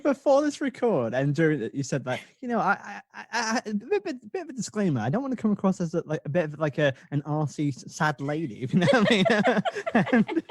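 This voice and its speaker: A man's voice: sits high, wildly swooping pitch, fairly quick, hardly any pauses, no echo. Giggly man hosting a podcast. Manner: giggly, laughs often. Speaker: podcast host. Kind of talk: casual podcast interview.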